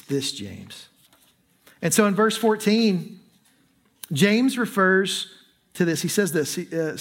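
A man preaching a sermon, explaining scripture in a conversational way and often checking in with the congregation. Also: on the high side. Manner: conversational preaching with frequent "right?" asides. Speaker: pastor.

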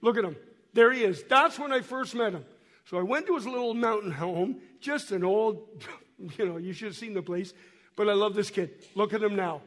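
A high-voiced man speaks to a church in a folksy storytelling way, stumbling over and repeating his words as he shows photos. He is hoarse from a cold. His voice carries a long echo through the church hall. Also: moderate pace, fairly bright tone. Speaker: missionary guest speaker. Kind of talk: storytelling talk to a church while showing photos.

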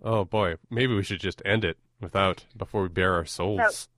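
A man with a fairly low voice hosts a podcast in loose, casual chat. He jokes around and pokes fun at himself. The recording is dry and close, with no room sound. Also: normal speed, fairly bright tone, no echo. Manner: joking, self-deprecating banter. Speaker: podcast host.

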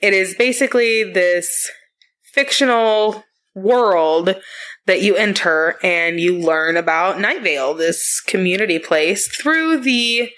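A woman in her thirties co-hosting a family podcast, telling stories in a casual, animated way and swearing freely. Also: mid-range voice, slow. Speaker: podcast co-host. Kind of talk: casual chat.

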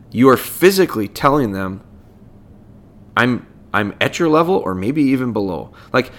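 A man's voice: medium pitch, a bit bright. A man hosting a podcast as a dog trainer, explaining things in a casual, conversational way and breaking points down step by step.

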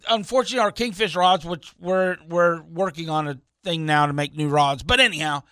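A man, a fishing charter captain and show host, telling a story in a rambling, animated way that keeps circling back with "anyhow". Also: fairly high pitch, brisk, clean tone, no echo. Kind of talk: casual radio storytelling.

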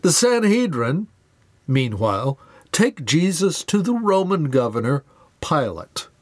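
A man's voice: fairly high pitch, very animated, slow, dry recording, studio quality. A man retelling a Bible story in an earnest scripted way, raising his voice to act out quoted lines.

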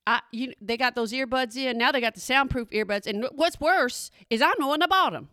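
Chatty woman, bright voice. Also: high voice, a little fast, no echo, studio quality. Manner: chatty, playful, asks the audience questions. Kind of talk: casual comedic talk to an audience.

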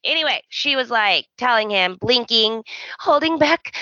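A woman's voice: a little high, animated, a little slow, sharp tone, no room sound, muffled recording. A woman co-hosting a podcast, recapping a soap opera in a chatty, playfully snarky casual chat. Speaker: podcast co-host.

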